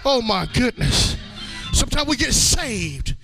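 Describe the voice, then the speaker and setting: A pastor in his forties preaching a shouted call-and-response sermon in a church, with a rhythmic cadence and an "uh" before each phrase. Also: very high-pitched, sing-song, a little slow, gravelly, faint music behind. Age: 40s. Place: church sanctuary.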